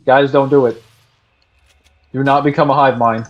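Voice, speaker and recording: A man's voice: medium pitch, moderate pace, long pauses, highs cut off. A man streaming a game, chatting casually and reading out viewer messages, swearing freely. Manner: chatty, profane, reads chat aloud while playing. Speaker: gaming streamer. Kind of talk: casual live-stream commentary.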